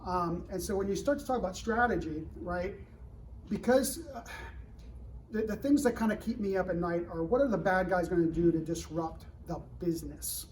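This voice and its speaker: A middle-aged man giving a fireside chat to students at a live event, animated and full of rhetorical questions to the crowd. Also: high-pitched, moderate pace, recorded from a distance, a little hiss or hum, poor audio. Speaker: government security director speaking to students. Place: university event room.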